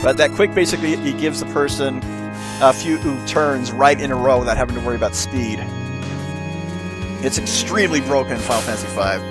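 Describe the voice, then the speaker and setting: A man casually commentating on his own gameplay in a relaxed, chatty, self-mocking way. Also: mid-range voice, a little fast. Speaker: let's play host. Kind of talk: let's play commentary. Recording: loud game music behind.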